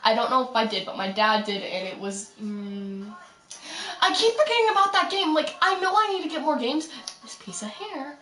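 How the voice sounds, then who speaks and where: A chatty young woman rambles through her game, hopping between asides. Her voice sits a little high and comes from a step back from the mic. The room echoes around her and faint music plays underneath. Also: normal speed, bright, forceful tone, recorded from a distance. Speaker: gaming streamer. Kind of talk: casual gameplay commentary.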